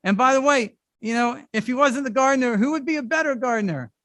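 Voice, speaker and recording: Middle-aged guy preaching, chatty and animated, pretty high voice, dry close sound. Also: fast talker, no room sound. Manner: conversational and animated, with casual asides. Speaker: pastor. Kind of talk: sermon. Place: church service.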